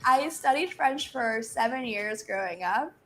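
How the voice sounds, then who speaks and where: An American woman speaking in an interview clip, relaxed and easygoing. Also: fairly high pitch, a little slow, faint music behind. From United States. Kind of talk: documentary interview.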